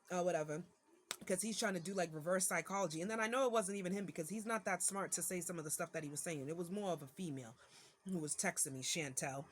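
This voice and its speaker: A woman talks straight to her camera, venting as a mother in a loose, irritated rant. She keeps breaking off with fillers and restarts. Her voice sits in a middle pitch, with a faint hiss of noise behind it. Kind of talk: casual venting monologue to camera.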